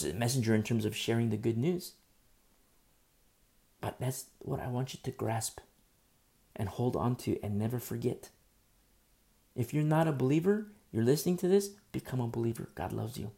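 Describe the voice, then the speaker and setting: A man preaching an earnest, animated sermon, speaking through a sore throat. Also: medium pitch, gravelly. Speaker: pastor.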